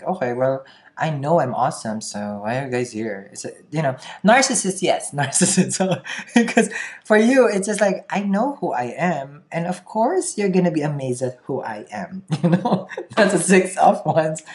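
A woman reading tarot cards for her viewers in a chatty, playful way, often laughing between remarks. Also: low voice. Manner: chatty, giggly, playful asides. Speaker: tarot reader. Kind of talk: casual tarot reading vlog.

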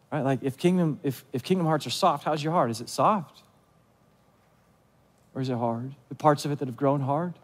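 A man's voice: medium pitch, big-room sound. A male pastor preaching a conversational sermon, asking his listeners questions and acting out what they might say. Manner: conversational, asks the audience questions; acts out quoted voices of listeners. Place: church.

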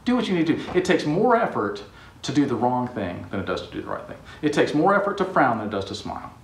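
Guy hosting a vlog, animated voice all over the place, echoey room, mic kinda far off. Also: medium pitch, fast. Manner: playful, acts out the characters' voices. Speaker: host. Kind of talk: animated Bible storytelling.

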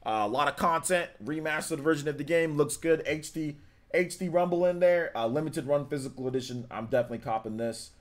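A man's voice: on the high side, a little fast. A young man hosting a gaming livestream, chatting casually, reading viewer comments and news aloud with many fillers.

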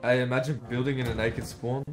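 Scornful player, mid-pitched, taunting, faint music behind; brief: mocking rival. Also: male voice, level tone, a little fast. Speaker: game player on voice chat. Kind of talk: mocking in-game voice chat.

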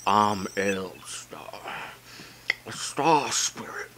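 A man voicing a wise elderly male star spirit in a comedic fan voice-over of a game, with an earnest, drawn-out delivery. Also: lowish voice, animated, creaky, pushed and bright, slight background noise, full character voice. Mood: pleading.

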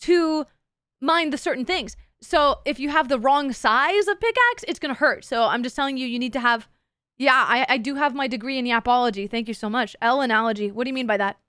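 A woman's voice: sits high, a little fast, pushed and bright, clear, resonant tone, no room sound, clean studio sound. A woman streamer chatting casually with her live chat, playful and teasing, swearing freely. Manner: playful, crude, swears a lot, teases chat.

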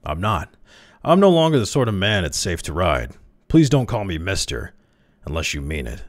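A man voicing a young clerk who has turned firm and steady, speaking in clipped, hard lines. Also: low-pitched, moderate pace.

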